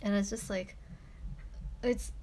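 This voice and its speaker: A young woman streamer telling a story in casual chat, animated and full of fillers like "like" and "you know". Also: mid-range voice, slow pace, slight background noise.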